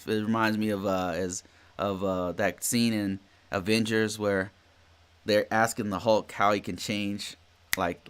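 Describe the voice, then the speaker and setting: A man's voice: on the low side, fairly bright tone, smooth. A man hosting a live-streamed podcast, talking informally to viewers. He often restarts his sentences and keeps checking in with "right?". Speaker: podcast host. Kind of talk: live-streamed casual talk, reading viewer questions.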